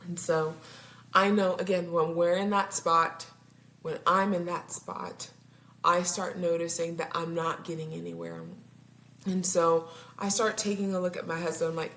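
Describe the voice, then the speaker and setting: A woman's voice: on the low side, little pitch movement, moderate pace, a bit bright. A woman couples therapist talking casually to her viewers, laughing often and tripping over her words. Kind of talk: casual talk to camera. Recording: roomy echo, faint background hum.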